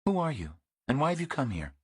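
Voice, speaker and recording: A man's voice: medium pitch, very animated, quick pace, slightly rough, no echo, voice pushed up. A male audiobook narrator voicing a wary woman of about forty who answers tersely and evasively. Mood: guarded.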